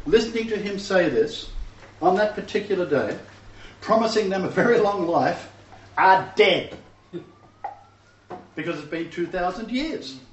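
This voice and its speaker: A man preaching a teaching sermon to a messianic congregation, emphatic and often asking the listeners rhetorical questions. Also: high voice. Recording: distant, roomy, dull recording with faint background noise.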